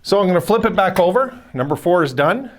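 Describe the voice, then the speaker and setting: A man's voice: sits high, lively intonation, brisk, slight background noise. A man hosting a casual solo video, talking in a rambling, chatty way with frequent self-corrections and asides. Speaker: hockey video host.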